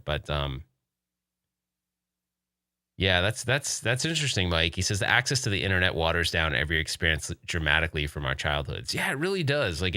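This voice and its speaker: A podcast host in his forties, with a deep voice that sounds pushed and bright, rambles casually through questions from the live chat and laughs often. The recording is dry and studio quality.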